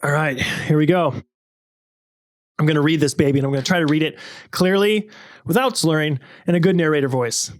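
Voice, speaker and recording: A man's voice: fairly high pitch, fairly quick, pauses often, no room sound, studio quality. A young man hosting a podcast, chatting loosely with fillers and reading a listener's story aloud. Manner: loose and conversational, with many fillers. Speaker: podcast host.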